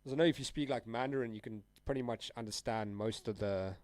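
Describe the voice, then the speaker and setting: A young South African man rambles casually on a live trading stream, talking quickly in a mid-range voice. He's laid-back and slangy and laughs a lot. No room sound can be heard.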